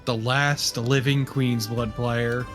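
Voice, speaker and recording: A man's voice: medium pitch, level tone, slow, over music. A man co-streaming a video game, chatting in a wry way and swearing casually. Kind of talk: casual gameplay commentary.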